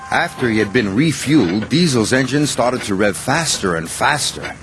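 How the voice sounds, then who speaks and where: A man narrating a children's storybook in a slow, expressive manner. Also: mid-range voice. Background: music.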